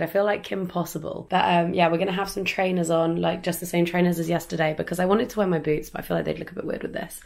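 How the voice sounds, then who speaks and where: Chatty hoarse woman in her twenties. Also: on the low side, a little mellow. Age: 20s. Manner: chatty, rambling, often laughing. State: slightly hoarse. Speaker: vlogger. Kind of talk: casual vlog chat. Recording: echoey room with faint ambience.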